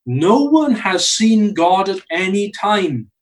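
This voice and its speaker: A man preaching a sermon in a church, earnest, slowing down to stress key phrases. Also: high-pitched, big pitch swings, distant mic, low-quality recording.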